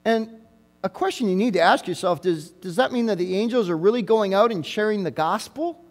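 A man preaching in a church sanctuary, his voice pitched high for a man. He hammers each point home with short, repeated phrases. The sound rings out with a long reverb in the big room. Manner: emphatic, repeats key phrases for emphasis. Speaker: pastor. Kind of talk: sermon.

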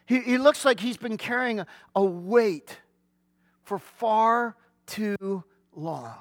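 A man preaching a sermon, telling a scripture story vividly with dramatic pauses and asking his listeners earnest rhetorical questions. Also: high voice, animated, no echo, clean studio sound. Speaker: pastor.

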